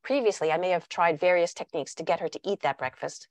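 Speaking quickly with few pauses, a middle-aged parenting author gives a talk to parents in a lowish voice, captured dry. She animatedly performs what children and parents say to illustrate her points.

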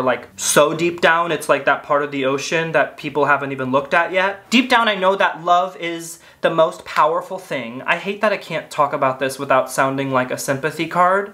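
A man's voice: on the high side, sharp tone. A man in his late twenties talking to camera at home in a wry, self-deprecating way while grieving, turning from jokes to earnest sadness. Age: late 20s. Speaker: vlogger. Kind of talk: confessional monologue to camera. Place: at home in a living room.

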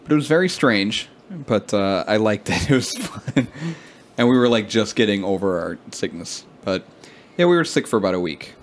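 A man's voice: on the low side, sing-song, moderate pace, slight background noise. A man in his twenties co-hosting a casual podcast, chatting easily and reading brewery blurbs aloud. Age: 20s. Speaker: podcast co-host. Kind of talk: casual chat.

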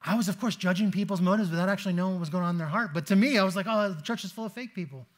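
A pastor preaches in a church sanctuary, his high voice moving very fast. He delivers the sermon conversationally, like a storyteller, with casual filler words.

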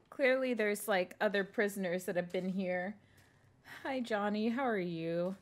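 A woman's voice: medium pitch, takes it slowly, pauses often. A young woman streaming a horror game live, scared and jumpy, whispering and then exclaiming as she plays and thanks her viewers.

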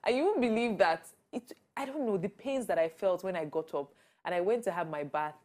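A woman's voice: fairly low pitch, brisk, a little mellow. A young woman with a Nigerian accent, chatting as an interview guest. She is bubbly, laughs often and acts out the voices of people she quotes. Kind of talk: casual interview chat.

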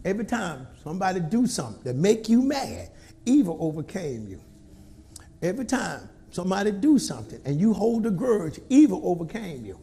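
A male pastor preaching a sermon in a call-and-response style, swinging between quiet asides and shouted lines. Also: high-pitched, sing-song, brisk.

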